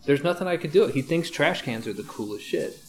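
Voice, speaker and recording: A man's voice: on the high side, lively intonation, brisk, a little hiss or hum. A man hosting a podcast, telling casual stories in a rambling, profane way. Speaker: podcast host.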